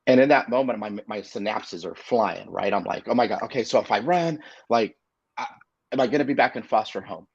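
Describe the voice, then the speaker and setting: Gravelly husky guy, 40s, telling his story all halting and earnest, lots of ums, kinda muffled audio. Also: fairly low pitch, no room sound. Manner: earnest, halting storytelling with many fillers and restarts. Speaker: inspirational speaker. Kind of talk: storytelling on a video call show.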